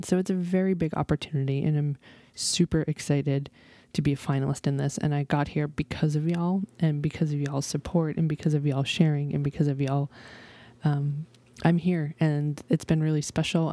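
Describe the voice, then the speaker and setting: A woman's voice: sits low, dark tone, no echo. A woman in her thirties hosting her own podcast, talking in a chatty, bubbly way with many fillers. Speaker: podcast host. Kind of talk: casual podcast intro and interview.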